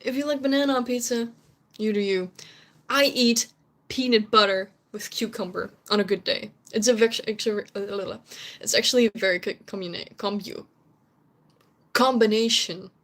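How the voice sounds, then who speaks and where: A woman's voice: medium pitch, normal speed, a bit bright. A young Dutch woman, whose first language is Dutch, chatting casually with viewers on a stream, laughing often and sometimes searching for English words. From Netherlands.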